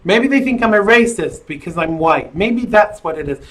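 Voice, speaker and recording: Livestream host, male, slightly high voice, loose joking delivery, rambles through viewer comments. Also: expressive, normal speed. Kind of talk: casual livestream chat.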